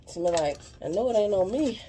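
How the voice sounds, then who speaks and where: With a warm, animated medium-pitched voice and a brisk pace, a spiritual advisor gives viewers an informal card reading, earnest and heartfelt throughout. She rambles and leans on the phrase "you know what I'm saying," with slight background noise present.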